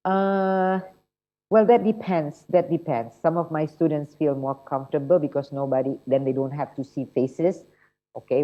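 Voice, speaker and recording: Low-voiced woman teaching an online class. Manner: chatty, encouraging, checks in with "yeah?" and "right?". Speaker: TOEFL instructor. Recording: muffled lo-fi online call audio.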